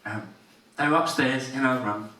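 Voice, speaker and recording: A man's voice: mid-range voice, normal speed, pushed and bright, distant mic. A man doing a crude, swearing stand-up story set in a comedy club. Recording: roomy club audio, laughing crowd.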